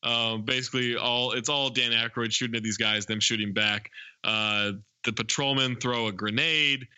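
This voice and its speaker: A man co-hosting a podcast talks through a film's plot in a loose, rambling way, full of fillers and restarts. His voice is very bright and forward. The sound is dry and close, with no room in it. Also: mid-range voice, steady tone, moderate pace, clear, resonant tone, dry recording, highs cut off. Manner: rambling scene-by-scene retelling with many fillers. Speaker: podcast co-host. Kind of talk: casual movie recap chat.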